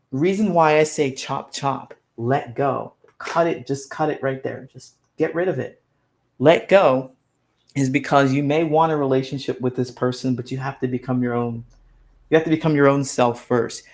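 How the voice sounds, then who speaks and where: A man's voice: fairly high pitch, darkish tone. A man giving a motivational conference talk as a life coach, repeating phrases for emphasis and acting out quoted lines.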